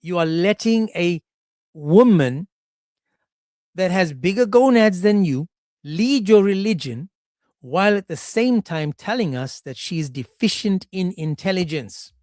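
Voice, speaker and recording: A man talking straight into a dry, close microphone with no room sound. He sits a touch high for a male voice and mocks his subject, slipping into put-on voices for the people he quotes. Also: lively intonation, measured pace, darkish tone, no echo. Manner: mocking, sarcastic, acts out quoted voices. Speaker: commentary channel host. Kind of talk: monologue commentary on a clip.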